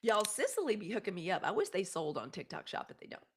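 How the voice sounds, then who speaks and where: A woman's voice: mid-range voice, fast talker, a little hiss or hum. A woman hosting a casual livestream, talking commentary and reading out live comments. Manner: animated, reads live comments aloud. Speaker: host.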